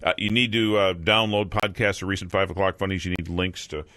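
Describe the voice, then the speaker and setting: A man's voice: low-pitched, steady tone, brisk, bright, forceful tone, no echo, clean studio sound. A man as radio host giving casual announcements, with a few uh fillers.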